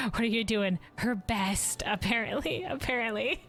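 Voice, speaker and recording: Woman streamer, excitable and foul-mouthed, a bit high, faint game music under. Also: measured pace. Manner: laughs often, swears freely, excitable. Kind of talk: casual gameplay commentary.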